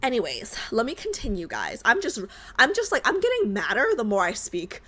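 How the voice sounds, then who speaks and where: Young woman streamer, very lively pitch, exasperated animated rants, desk mic at home. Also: a little fast. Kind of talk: game reaction stream.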